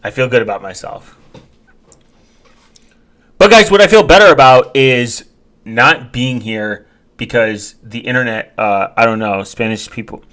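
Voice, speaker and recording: Rambling jokey man, bright voice. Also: medium pitch, measured pace, pauses often. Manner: rambling, jokey, lots of fillers and restarts. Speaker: vlogger. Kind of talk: casual rambling talk to viewers.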